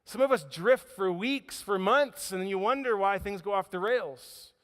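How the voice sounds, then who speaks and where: A man preaching a sermon as pastor, telling a story with dramatic swings from loud emphasis to hushed quiet. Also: sits high, moderate pace. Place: church auditorium. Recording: hall reverb.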